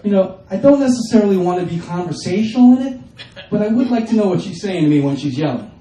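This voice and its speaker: A man performing a stand-up comedy set, acting out his family members in quick bits. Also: sits high, lively intonation, dark tone. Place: comedy stage before a live audience. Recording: roomy, distant mic with faint ambience.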